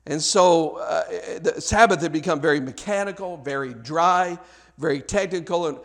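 Man, pastor, sermon, high voice, conversational, frequent restarts, addresses congregation. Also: moderate pace, fairly bright tone. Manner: speaks directly to the congregation.

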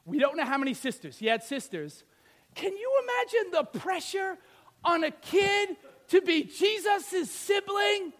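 A man in his thirties preaching a sermon, swinging between loud emphatic lines and hushed asides, often asking the audience questions. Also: very high-pitched, big pitch swings, a little slow.

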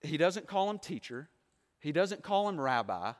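A man's voice: a little high, sing-song, normal speed. A man preaching a sermon, asking the listeners rhetorical questions and acting out the quoted voices. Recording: long hall reverb.

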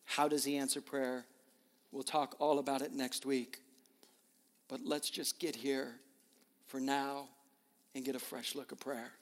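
A man's voice: mid-range voice, little pitch movement, measured pace, long pauses. A middle-aged man preaching a sermon as pastor, earnest and emotional, often repeating his words. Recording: reverberant hall.

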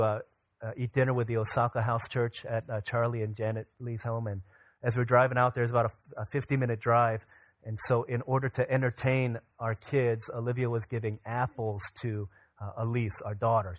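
A man's voice: mid-range voice, dry recording. A man preaching a sermon as pastor, earnest, his voice rising and falling for emphasis.

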